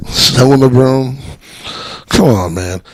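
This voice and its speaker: A man's voice: mid-range voice, very animated, very slow, rough recording. A young adult man with a Boston accent doing a rambling stand-up comedy set, laughing at his own jokes and acting out other voices. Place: live stage.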